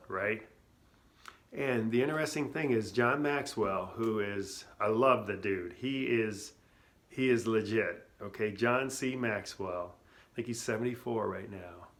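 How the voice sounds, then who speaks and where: A man's voice: mid-range voice, a bit bright. Earnest middle-aged man recording on his phone. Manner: earnest, conversational, many restarts and asides. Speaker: founder sharing his story. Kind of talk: casual personal testimony.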